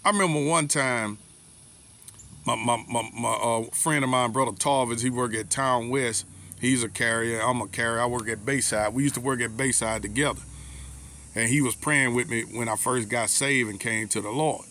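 A man's voice: mid-range voice, steady tone, normal speed, sharp tone, slight background noise. A man preaching an informal sermon to brothers and sisters, telling personal stories in a folksy way with dialect grammar and repeated words. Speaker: lay preacher.

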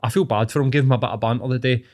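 A man's voice: medium pitch, racing, a little mellow. A young Scottish man in casual conversation, talking bluntly and opinionated, swearing freely. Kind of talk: casual chat.

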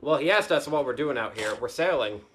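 A man playing a tabletop game, talking in a lively, exclaiming way. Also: medium pitch, a little fast. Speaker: player.

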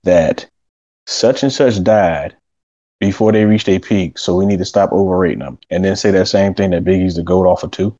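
A man in casual podcast chat, arguing his points slowly. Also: deep voice, dark tone, no room sound, lo-fi sound.

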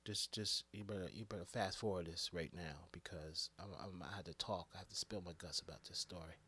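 A man who works as an EMT, ranting casually and profanely about a movie, swinging between hushed asides and loud outbursts. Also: sits low, fairly even intonation, brisk, breathy edge. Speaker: EMT giving movie reactions. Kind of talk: casual rant to camera.

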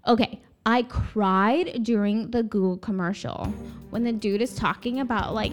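A woman's voice: medium pitch, a little slow, faint music behind. A young woman co-hosting a podcast, chatting casually and giggling, with lots of filler words. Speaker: podcast co-host. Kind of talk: casual chat.

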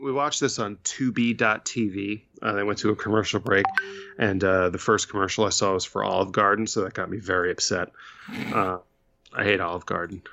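A man casually recapping a bad movie with a co-host, relaxed and full of ums. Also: lowish voice, fairly quick, gravelly, slight background noise. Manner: laid-back, filler-heavy retelling. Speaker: podcast co-host.

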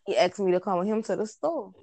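A woman telling her own life story as an interview guest, in casual, halting talk with frequent pauses and restarts. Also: mid-range voice, animated, mellow, poor audio.

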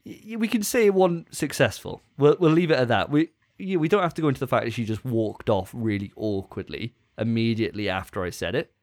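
A man's voice: mid-range voice, a little fast, few pauses, a little mellow. A young man co-hosting a podcast, chatting casually with a jokey, self-mocking way of telling stories. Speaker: podcast co-host. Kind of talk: casual chat.

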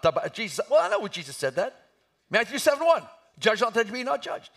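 A man delivers a passionate sermon, his voice pitched high and swinging widely as he drives each point home. His tone is bright and forceful, and he rises into shouts at the climaxes. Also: sing-song, quick pace, vocal fry. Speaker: preacher.

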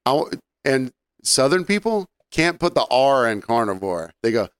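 A man co-hosting a podcast in laid-back casual chat, who laughs often and now and then clears his throat. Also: mid-range voice, sing-song, normal speed, dry recording, studio quality. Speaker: podcast co-host.

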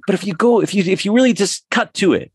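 A man's voice: high-pitched, fast, slightly rough, no room sound, clean studio sound. A man, a tantric counselor, talks enthusiastically as a podcast guest, often restarting his sentences. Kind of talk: podcast interview.

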